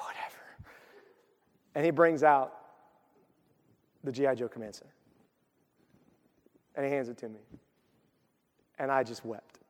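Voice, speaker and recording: A man preaching a sermon, telling a personal story and swinging from loud excitement to hushed emotion. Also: mid-range voice, big-room sound. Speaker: pastor.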